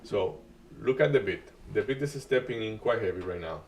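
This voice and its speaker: A man's voice: lowish voice, lively intonation, distant mic, slight background noise. Man talking through live trades. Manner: halting, restarts often, non-native grammar. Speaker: day trading stream host. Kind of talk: live market commentary.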